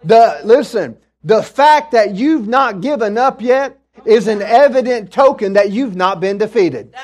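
A man with a high, bright voice preaches a lively sermon. He builds up to shouting exhortations, then drops into humorous stories told with asides to the congregation. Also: unhurried. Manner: preaching with rising shouts and call-outs; storytelling with asides. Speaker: pastor.

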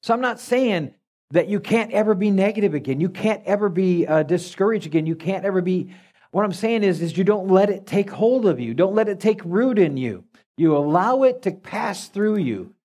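A man's voice: sits high, lively intonation, normal speed, darkish tone. Folksy male pastor preaching. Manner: folksy storytelling with laughs and restarts. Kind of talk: sermon.

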